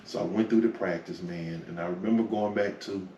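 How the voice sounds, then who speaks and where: Man in his 40s, very low voice, reflective testimony, echoey room, mic set back. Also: fairly even intonation, fairly quick, warm tone, highs cut off. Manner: reflective storyteller, peppers talk with "man" and "you know". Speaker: interview guest. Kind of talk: personal faith testimony interview. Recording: echoey room, from far off, faint noise.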